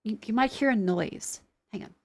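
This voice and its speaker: A woman's voice: on the high side, moderate pace. A young adult woman streamer chatting casually and rambling, with many fillers and some swearing, while testing tracking gear. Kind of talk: casual live-stream chat.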